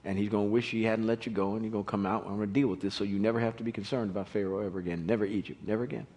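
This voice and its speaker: A preacher doing God as a calm, commanding deity. He speaks low, steady and measured, with full authority. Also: lightly acted. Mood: assured.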